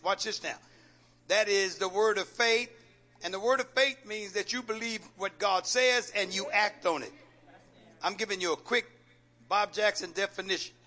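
A man's voice: high voice, pushed and bright. A man pastor preaching a call-and-response sermon in church, firing rhetorical questions at the congregation, coaxing and joking.

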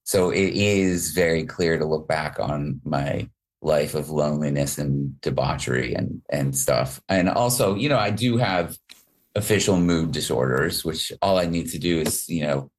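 A man's voice: rumbling low, unhurried. A man being interviewed as a musician, speaking in a reflective, wry way. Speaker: musician guest. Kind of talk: interview conversation.

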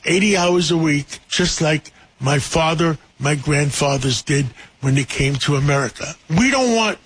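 A man's voice: a little high, unhurried, a bit bright, breathy edge, rough recording. A man delivering a short scripted radio commentary in blunt, punchy slogans.

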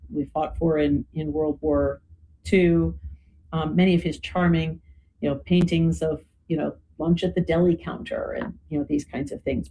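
A woman's voice: sits low, mellow, a little hiss or hum, poor audio. A woman explaining history in a conversational talk, often adding "you know" and "right?". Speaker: guest speaker.

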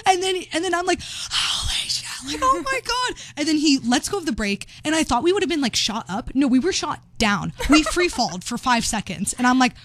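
A young woman chatting casually about a trip, giggly and animated, acting out quotes. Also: sits high, a little fast, few pauses, noisy background. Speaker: travel vlogger. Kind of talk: casual chat.

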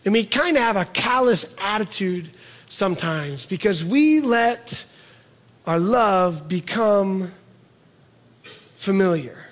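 A middle-aged man preaching a sermon in a conversational way, repeating words for emphasis and slowing down on key words. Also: high voice, lively intonation, a bit bright. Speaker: pastor.

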